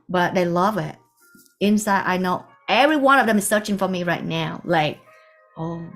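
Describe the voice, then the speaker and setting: Soft-spoken woman telling a spiritual story. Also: mid-range voice. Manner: soft-spoken, meandering, with hushed asides. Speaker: spiritual teacher.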